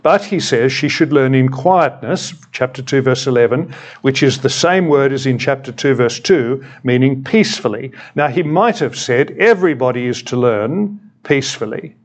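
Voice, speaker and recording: A man's voice: mid-range voice, lively intonation, moderate pace. An Australian man in his sixties preaching a sermon in a conversational way, with wry humorous asides. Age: 60s. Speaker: retired senior minister, preacher.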